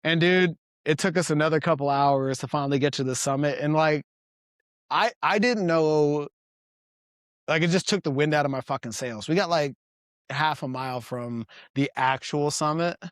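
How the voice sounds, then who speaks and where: A man telling a story as a podcast guest in casual chat, animated, loose and profane. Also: a little high, normal speed, dry recording, clean studio sound.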